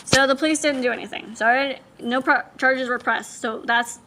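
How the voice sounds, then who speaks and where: A woman's voice: high-pitched, steady tone, moderate pace, heavy background noise. A woman vlogger candidly telling a personal story, blunt and swearing, acting out what people said.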